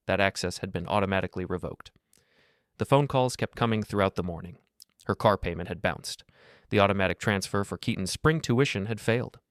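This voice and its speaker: Deep male narrator, dry booth sound, measured and calm first-person storytelling. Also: dry recording.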